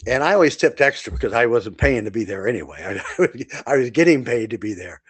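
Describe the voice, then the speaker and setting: An older man, a comedian and podcast host, telling stories in a casual, animated way, repeating words and acting out voices. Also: mid-range voice, quick pace, breathy edge, no echo. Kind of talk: casual storytelling.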